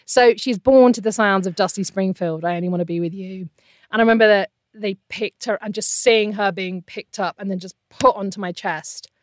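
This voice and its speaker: A woman's voice: mid-range voice, normal speed, dry recording, clean studio sound. A middle-aged woman, a former radio presenter, telling a personal story in an interview, candid and emotional, often trailing off. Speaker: interview guest.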